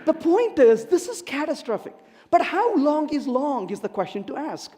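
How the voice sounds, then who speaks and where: A man's voice: very high-pitched, moderate pace. A man giving a humorous technical talk at a conference, telling stories and acting out dialogue. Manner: animated storyteller acting out dialogue. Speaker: conference speaker. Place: conference hall. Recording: echoey conference hall.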